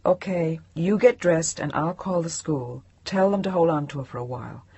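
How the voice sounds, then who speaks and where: A woman's voice: low voice, normal speed, mellow, husky. A woman narrator voicing an awkward, helpful man who stumbles over his words.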